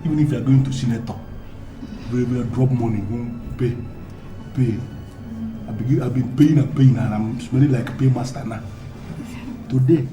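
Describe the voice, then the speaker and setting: A man's voice: medium pitch, fairly even intonation, moderate pace, pauses often, music in the background, natural voice. An actor with a Nigerian English accent playing a domineering man who threatens his lover in grandiloquent, repetitive speech. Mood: threatening. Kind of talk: Nollywood film acting.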